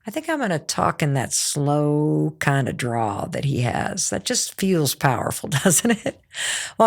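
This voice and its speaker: A woman hosting a podcast, talking with energy and acting out quoted lines. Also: mid-range voice. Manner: animated, acts out quoted lines. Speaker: podcast host.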